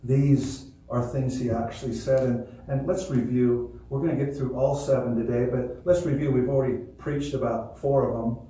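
A man preaching a sermon as pastor, earnest and swelling louder on key points. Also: medium pitch, fairly even intonation, moderate pace, hardly any pauses. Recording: echoey hall, voice from far off.

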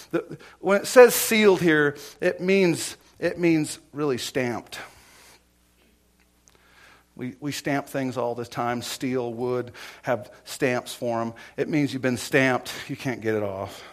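A middle-aged male pastor delivering a sermon at a mid-range pitch. He tells his stories with repeated words and quick restarts. His delivery swings from soft, near-whispered asides to loud, fervent preaching. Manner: storytelling with repetitions and restarts.

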